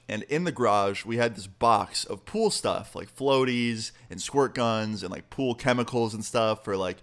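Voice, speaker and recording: Young man telling a profane storytime. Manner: profane, animated, quotes people with pitch jumps. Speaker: storytime vlogger. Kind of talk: casual storytelling.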